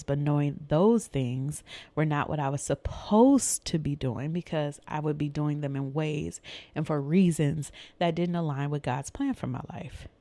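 A woman with a low, gravelly voice tells a faith-based personal testimony in a candid, vivid way, reliving her own fear as she goes. The sound is dry and close, with no room around it. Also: darkish tone, no room sound. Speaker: storyteller sharing a personal testimony.

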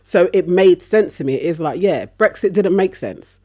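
A man's voice: sits high, animated, moderate pace, darkish tone. A man co-hosting a casual podcast chat, talking reflectively and thinking aloud with hedges.

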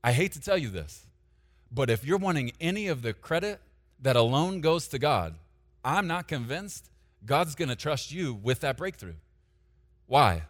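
A man pastor preaching a sermon, swinging from loud emphatic declarations to quiet asides while talking straight to the congregation. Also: medium pitch, big pitch swings, moderate pace, long reverb tail. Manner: directly addresses the congregation, asking them to take notes.

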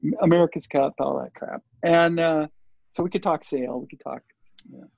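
A man in his sixties, an interview guest, telling a rambling, animated story and acting out the lines of the people in it. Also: on the high side, normal speed, vocal fry, dry recording. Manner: rambling, animated, acts out quoted dialogue. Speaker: interview guest, surf filmmaker. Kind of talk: casual storytelling. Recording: dull lo-fi audio.

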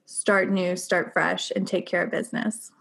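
A woman's voice: on the low side, flat delivery, normal speed, creaky, a bit bright. A woman hosting a podcast interview, affirming her guest and asking questions in a casual way full of fillers. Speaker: podcast host. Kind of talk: conversational interview.

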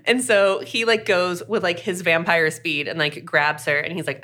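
A woman's voice: fairly low pitch, fairly even intonation, moderate pace, hardly any pauses, sharp tone. A woman co-hosting a podcast, chatting casually and acting out characters' lines with lots of "like". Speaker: podcast co-host recapping a book. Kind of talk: casual chat.

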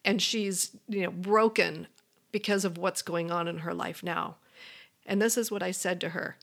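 A woman's voice: lowish voice, steady tone, moderate pace, vocal fry. Earnest woman coaching listeners on a podcast. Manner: earnest, encouraging, speaks straight to the listener. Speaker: podcast host and life coach. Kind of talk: motivational podcast monologue.

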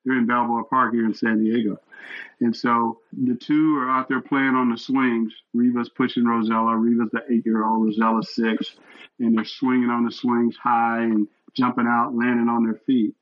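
Older male guest, earnest animated storyteller, mid-pitched voice, slightly dull lo-fi recording. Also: moderate pace. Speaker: guest, retired fire captain and chaplain. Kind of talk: storytelling interview.

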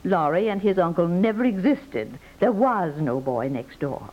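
A woman playing a brisk, matter-of-fact local know-it-all in a 1950s radio comedy. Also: on the low side, lively intonation. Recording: dull 1950s radio recording.

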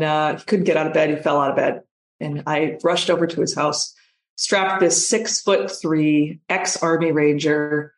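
A woman's voice: low voice, echoey room. A woman guest telling a personal story in conversation, speaking emphatically and repeating phrases for effect.

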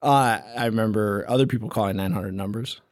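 A man's voice: lowish voice, brisk. Casting note: young male co-host, easygoing jokey banter, laughs a lot. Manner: joking, chatty, laughs often. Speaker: podcast co-host. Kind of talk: casual chat.

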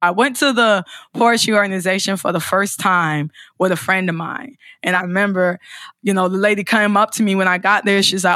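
Bright-voiced woman telling her story. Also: mid-range voice, brisk, dry recording, studio quality. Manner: emotional, acts out other people's lines in lively voices. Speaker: interview guest, poet. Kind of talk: personal storytelling in an interview.

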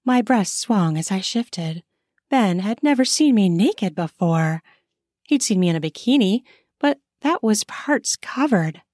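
Slow, intimate woman narrating erotica. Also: medium pitch, expressive, a little mellow, dry recording, studio quality. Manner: slow, intimate first-person reading. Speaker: narrator and author. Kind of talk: erotic short story narration.

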